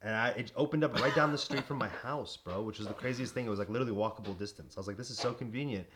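A man's voice: fairly low pitch, racing, crowd noise. A young man, a podcast co-host, telling rambling comic anecdotes in casual chat, full of "like". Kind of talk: casual comedic storytelling.

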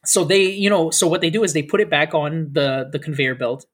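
A man's voice: on the high side, fairly even intonation, brisk, slightly rough. A man in a casual chat, telling a rambling story full of fillers and acting out the people in it. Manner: rambling storyteller, acts out quoted officers, many fillers.

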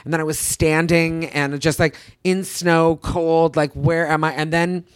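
Animated man telling stories in a dry studio. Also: a little slow, smooth, no echo. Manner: animated storyteller, jumps into high voices for quoted people. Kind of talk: casual chat, storytelling.

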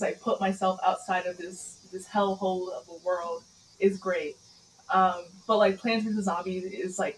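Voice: mid-range voice, fairly bright tone, rough recording. Guest, casual interview, self-deprecating, um fillers, faint background hum. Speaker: podcast guest, game developer.

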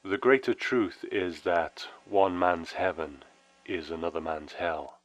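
The warm, solemn voice of a departed male friend on the phone, read by a man. It is deep and dry, wry in tone. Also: slow, dry recording, poor audio. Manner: solemn, wry, with sudden brightening.

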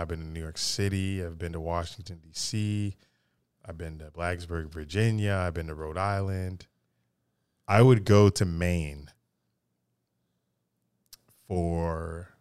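Very deep-voiced laid-back man. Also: no echo, studio quality. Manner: laid-back, swears casually, lists places he has been. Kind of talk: casual chat.

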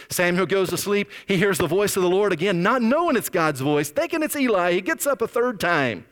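A man preaching a sermon, telling stories in a conversational, animated way. His voice sits a little high. A long hall reverb trails behind him. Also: brisk, few pauses. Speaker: pastor.

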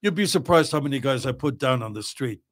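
Older guy in his 70s telling stories, laughs a lot, swears, super animated. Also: mid-range voice, fast talker, husky. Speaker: podcast guest. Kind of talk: casual storytelling.

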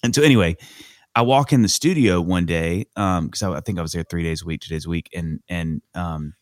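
A man in his forties hosting a podcast, telling stories in an animated, enthusiastic, casual way. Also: low-pitched, brisk, no room sound, studio quality. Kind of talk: casual storytelling chat.

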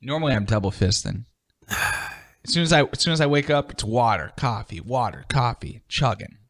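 A man's voice: mid-range voice, animated, moderate pace, gravelly, fairly bright tone, no echo, studio quality. A man co-hosting a podcast, chatting in an easygoing way and laughing along. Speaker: podcast co-host. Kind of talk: casual chat.

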